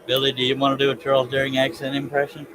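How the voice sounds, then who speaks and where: A man's voice: mid-range voice, completely flat delivery, very fast, noisy background. A man with a Southern US accent hosting a casual live stream, chatty and giggly as he reads comments aloud. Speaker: livestream host.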